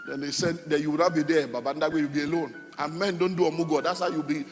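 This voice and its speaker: A middle-aged man preaching a sermon as pastor, emphatic and repetitive with sudden loud outbursts. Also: a little high, steady tone, quick pace, hardly any pauses. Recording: long hall reverb with faint music.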